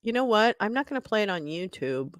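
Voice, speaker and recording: A woman's voice: medium pitch, big pitch swings, brisk, no echo, studio quality. A woman hosting a casual livestream, chatting in a scattered way and swearing and laughing as she fumbles with her setup. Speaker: livestream host.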